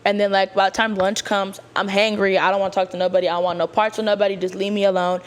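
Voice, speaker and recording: A woman's voice: medium pitch, flat delivery, fast talker. A young woman hosting a podcast, talking casually and straight to her listeners with lots of slang. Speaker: podcast host. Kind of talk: casual chat.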